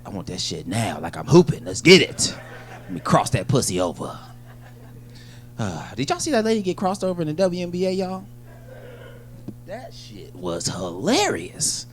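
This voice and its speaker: A man hosting a stand-up show, joking with the crowd and bringing on the next act, swinging between loud hype and low mutters. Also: wildly swooping pitch, unhurried, long pauses. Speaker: comedy show host. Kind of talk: stand-up crowd work and introductions. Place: comedy club stage.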